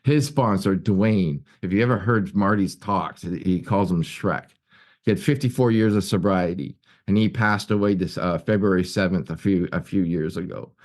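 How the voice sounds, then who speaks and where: Speaking from his workplace office, this man has a low-pitched voice and a moderate pace. As a guest at a recovery meeting, he offers a sincere personal share, often restarting and repeating words as he tells his stories.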